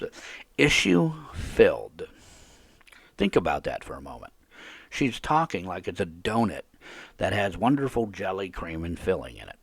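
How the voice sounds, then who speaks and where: A man's voice: low voice, breathy edge, no echo. A man hosting a live call-in podcast, ranting indignantly and repeating himself. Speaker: podcast host.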